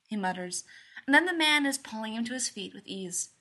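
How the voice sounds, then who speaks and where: Female story reader, bright, slightly high voice, lively and expressive. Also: a little fast. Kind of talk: reading a story aloud.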